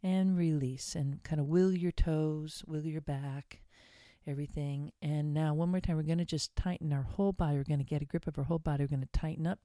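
Woman podcast host, middle-aged, casual wellness chat, warm low tone, dry room. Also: fairly even intonation, fairly quick, no room sound. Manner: chatty, guiding relaxation exercises.

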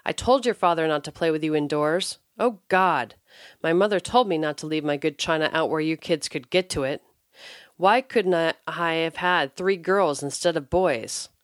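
A woman's voice: low-pitched, animated, normal speed, no echo. A woman voicing an upset mother of three young boys, speaking in a dry, close-up reading voice. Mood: angry. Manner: cries out, then turns soft and regretful.

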